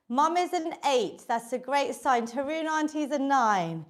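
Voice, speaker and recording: A British woman's high voice, lively in intonation, fairly bright and a little slow, guides a live online workout from her home exercise room. The instructor counts down reps, encouraging and upbeat, with a touch of breathlessness.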